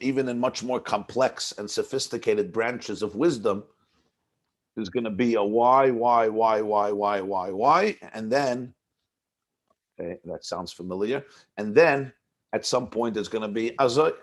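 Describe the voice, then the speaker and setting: A man's voice: medium pitch, unhurried. A man teaching a text-based class as a rabbi, explaining ideas in a conversational way and often repeating words as he builds a point. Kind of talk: text-based lecture on a Hasidic discourse.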